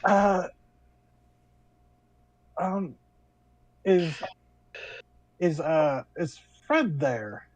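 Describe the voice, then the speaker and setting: A woman's voice: low-pitched, lively intonation, very slow, long pauses, darkish tone, dry recording, full character voice, rough recording. A man voicing a teenage girl who is hesitant and teasing on the phone with her father.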